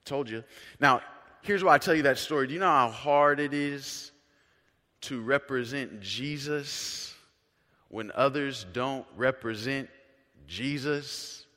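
A male pastor tells his sermon as a story, earnest and conversational, moving between soft, hushed lines and loud, emphatic ones. His pitch is medium and his pace slow, with the sound of a big room.

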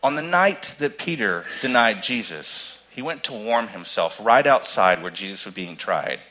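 Animated preacher with a bright voice. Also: male voice, lowish voice, normal speed, low-quality recording. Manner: animated storytelling, swings from loud emphasis to hushed tones. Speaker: pastor. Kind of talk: sermon.

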